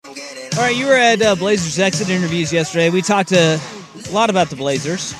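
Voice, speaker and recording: A man hosting a casual sports podcast, chatty, animated and quick to laugh. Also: high voice, music in the background.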